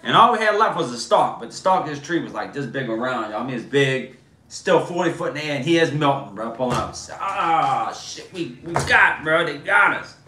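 A man, hosting a casual livestream and telling animated, slangy stories. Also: fairly high pitch, normal speed, a little hiss or hum. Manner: animated, slangy storyteller, lots of "bro" and "man". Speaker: host. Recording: echoey room.

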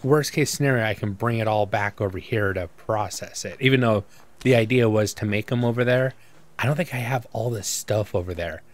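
A man's voice: lowish voice, a little fast. Rambling man narrating his gameplay. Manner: rambling, self-mocking, thinks aloud. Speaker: gaming YouTuber. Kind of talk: casual let's-play commentary.

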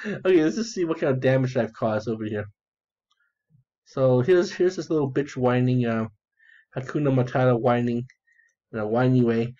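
A man gives casual commentary on his own game, rambling, crude and repeating himself, often breaking into giggles. His voice sits at a middling pitch. The recording sounds dull and lo-fi. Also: a little slow, pauses often, mellow. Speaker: gamer narrating his play.

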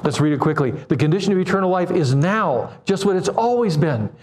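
A man in his seventies preaching a sermon, animated, acting out quoted voices and putting questions to the congregation. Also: high voice, brisk, background noise. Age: 70s.

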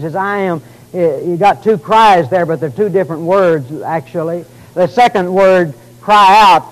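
A man preaching a sermon in a church, swinging from quiet storytelling to loud, drawn-out outbursts. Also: high voice, poor audio. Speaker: pastor. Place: church sanctuary.

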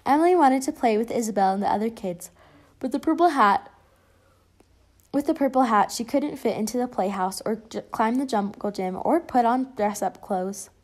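A woman reads a children's picture book aloud, lively and expressive. Her voice sits a little high for a woman, the steady storytelling of a read-aloud channel. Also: normal speed. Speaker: storybook reader.

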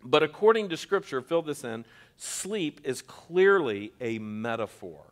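A man's voice: mid-range voice, sing-song. A man, a pastor, giving an earnest teaching sermon in a church, stressing key words and often restarting his phrases. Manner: earnest, emphatic, with frequent restarts and slowed stresses. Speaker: pastor teaching a Bible class.

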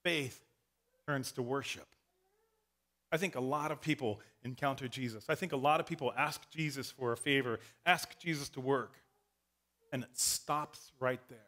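A man preaching a sermon as pastor, animated, acting out the story and sometimes shouting. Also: mid-range voice, moderate pace.

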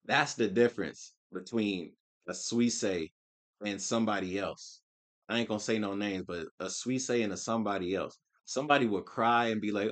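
A man's voice: lowish voice, moderate pace. A man giving casual, slangy reaction commentary with lots of swearing. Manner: slangy, emphatic, swears a lot. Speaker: reaction streamer.

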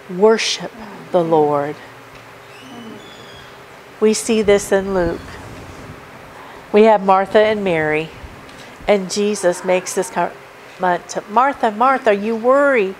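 A woman's voice: medium pitch, slow, pauses often, darkish tone, slight background noise, rough recording. A woman preaching a sermon at a church service, emphatic and repeating her key points as she works through a numbered list. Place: church sanctuary.

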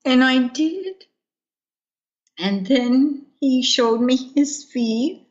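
A woman's voice: sits high, animated, very slow, muffled recording. A woman giving an earnest personal testimony in an interview, acting out the words of others as she tells it. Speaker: interview guest.

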